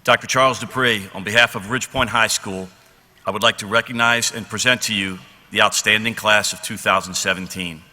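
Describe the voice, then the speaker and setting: A male school principal makes a formal announcement, his voice fairly low yet very bright. The sound carries the long reverb of a large ceremony hall. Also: steady tone, a little fast. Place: large graduation venue.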